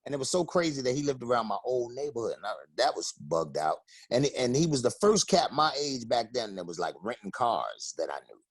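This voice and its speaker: A man's voice: medium pitch, fairly quick, hardly any pauses, dry recording. A man, telling stories casually in an interview and acting out quotes. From the Bronx, New York. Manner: animated storyteller, acts out quotes in raised voices. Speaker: interview guest, rapper and singer. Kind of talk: casual storytelling.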